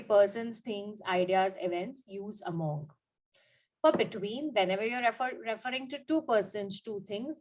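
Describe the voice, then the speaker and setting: A woman English teacher with a mid-range voice explains grammar with examples, captured in poor audio. She repeats her points and asks questions as she goes, frequently saying "okay" and "you know."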